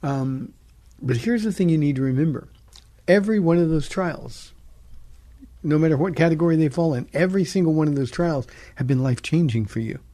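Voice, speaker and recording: Man, radio pastor, host, mellow tone, measured, reassuring. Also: on the high side, lively intonation. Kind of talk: radio Bible teaching.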